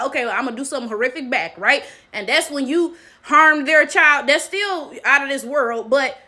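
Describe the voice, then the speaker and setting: Bright high-voiced woman, emphatic commentary. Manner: emphatic, repeats "right?" as tag question. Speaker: commentary channel host. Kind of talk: casual commentary monologue.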